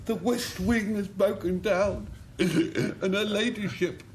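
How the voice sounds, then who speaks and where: A man's voice: sits high, slow, a little hiss or hum. A man voicing a flustered old butler who blurts out news of a household disaster in theatrical alarm.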